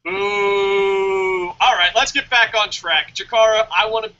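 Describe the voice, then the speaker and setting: A man from New Jersey co-hosting a casual wrestling review show, excitable and profane, with mock-formal bits. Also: sits high, fairly quick. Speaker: podcast co-host. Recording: dull lo-fi audio.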